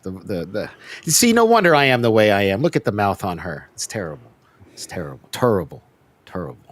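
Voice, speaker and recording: Hosting a laid-back review podcast, a man with a fairly low voice jokes constantly and stumbles over himself, restarting sentence after sentence. He sounds very animated and talks a little fast, with no echo on the track.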